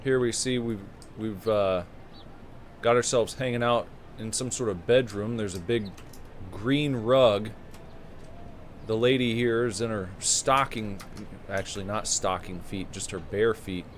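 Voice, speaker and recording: A man giving game playthrough commentary, slowly musing over what he sees on screen with plenty of fillers and restarts. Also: fairly low pitch, a little hiss or hum. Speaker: gameplay commentator.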